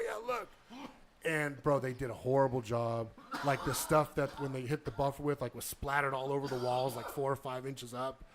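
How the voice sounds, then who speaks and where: A man's voice: medium pitch, slight background noise. A man casually telling a long story on a podcast, acting out the dialogue and swearing a lot. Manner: animated storyteller, heavy swearing, acts out dialogue.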